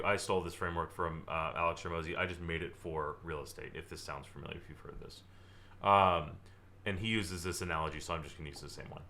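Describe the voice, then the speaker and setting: Lively young male sales trainer, bright tone, likes to exaggerate. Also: low voice. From Southern California. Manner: energetic, acts out client dialogue, exaggerates for effect. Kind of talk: live online training presentation.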